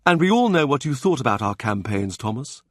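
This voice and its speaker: A man voicing a weary, fallen older male cardinal in an audiobook, with dry, gently ironic speech. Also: mid-range voice, very animated, fairly quick, dry recording, pitched above the performer's own voice. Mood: wry.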